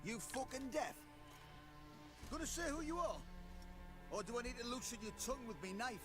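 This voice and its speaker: A man's voice: extremely high pitch, expressive, normal speed, music in the background. An actor playing a coarse, brutish male tavern thug who jeers and threatens. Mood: taunting. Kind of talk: video game voice acting.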